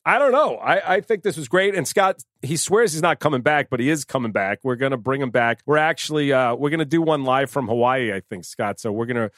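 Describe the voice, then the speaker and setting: A middle-aged man hosting a casual podcast chat, talking excitedly, repeating and restarting his words and laughing often. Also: medium pitch, brisk, few pauses, no echo, studio quality. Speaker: podcast host.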